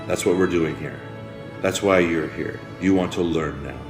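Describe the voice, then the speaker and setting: A man giving a preachy, repetitive motivational speech about health, swinging from hushed, grave passages to rousing calls to change. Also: low voice, moderate pace. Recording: roomy with faint music behind.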